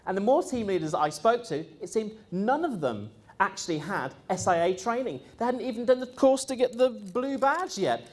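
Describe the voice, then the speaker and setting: A man telling a live audience his own story in a casual, animated way, often laughing, mimicking the people he quotes and filling gaps with ums and uhs. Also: sits high, moderate pace, hardly any pauses. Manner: frequent ums and uhs, conversational. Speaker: speaker recounting his experience.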